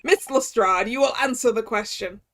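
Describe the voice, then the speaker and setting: A woman voicing a stern male courtroom judge in a game, slow and formal. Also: on the high side, a bit bright, slight background noise.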